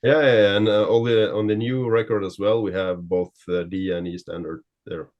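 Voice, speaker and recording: Low-voiced man chatting about gear. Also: fairly even intonation, lo-fi sound. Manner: halting, searches for words, many fillers. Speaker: guest guitarist. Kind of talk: casual gear chat.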